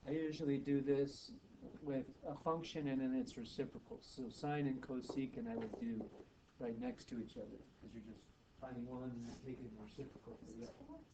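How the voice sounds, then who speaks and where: A man teaching math to students, brisk and teasing, often checking in with quick questions. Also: mid-range voice, little pitch movement. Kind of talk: classroom tutoring. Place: classroom. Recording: distant, muffled, noisy classroom recording.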